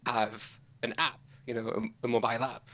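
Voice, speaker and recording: A man from Europe with a slight British accent, explaining a tech concept fluently as a podcast guest, with quick self-corrections. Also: medium pitch, flat delivery, bright, forceful tone, lo-fi sound.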